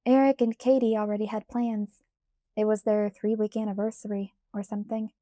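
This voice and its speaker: A woman narrating a first-person audiobook in a steady, clear storytelling manner. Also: medium pitch, brisk, no room sound, studio quality.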